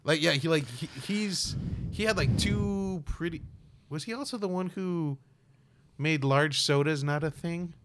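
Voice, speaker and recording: A man's voice: a little high, unhurried. A man co-hosting a casual comedy podcast, rambling and correcting himself. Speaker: podcast co-host. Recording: loud noise with clicks.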